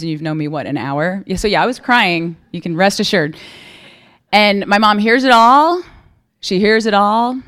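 With a clear, resonant, fairly bright mid-range voice, a woman speaks openly at a recovery meeting. Her testimony is conversational, and "right?" comes up again and again as she checks in with listeners.

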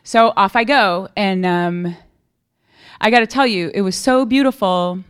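A woman's voice: medium pitch, unhurried, clear, resonant tone. Woman telling her recovery story at a meeting, candid and chatty, keeps asking right?. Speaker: speaker sharing at a recovery meeting. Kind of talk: personal recovery testimony.

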